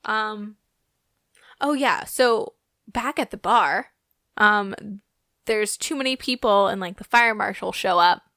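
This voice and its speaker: A woman's voice: mid-range voice, slow pace, long pauses, pushed and bright, no room sound, clean studio sound. A young adult woman co-hosting a podcast, chatting casually and playfully about a movie, with many fillers. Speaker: podcast co-host.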